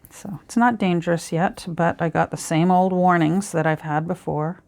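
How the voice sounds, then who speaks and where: A woman's voice: lowish voice, vocal fry, a little mellow. A middle-aged woman with a Canadian accent, chattering casually while she crafts, rambling and chiding herself with many ums and sighs. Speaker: crafting vlogger.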